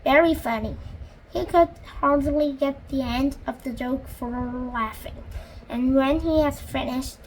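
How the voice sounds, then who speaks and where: A woman's voice: high-pitched, slight background noise, low-quality recording. A woman reading a children's picture book aloud as the storyteller, with a few slips. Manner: gentle, slow read-aloud with slips.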